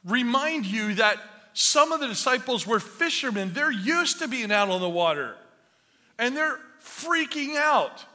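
A pastor with a very high-pitched, sing-song voice and sharp tone preaches a little slowly in a church hall. He tells a funny story about himself, then builds to emphatic preaching.

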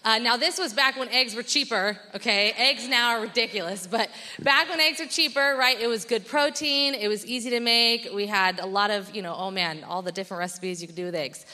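Woman pastor, casual sermon, bright tone, long hall reverb. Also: on the high side, brisk, hardly any pauses. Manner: chatty, self-interrupting, laughs often.

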